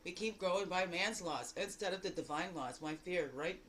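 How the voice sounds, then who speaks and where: A woman giving a daily spiritual card reading in a lively, exclamatory way, full of rhetorical questions and repeated phrases. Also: moderate pace, slight background noise, rough recording. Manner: animated, jumping between loud bursts and low asides. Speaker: spiritual guide.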